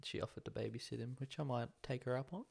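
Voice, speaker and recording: A man's voice: mid-range voice, steady tone, fast talker, gravelly, darkish tone, slightly rough. A young Australian man co-hosting a podcast, chatting casually in a rambling, hesitant way with lots of fillers. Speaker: podcast co-host. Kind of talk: casual chat.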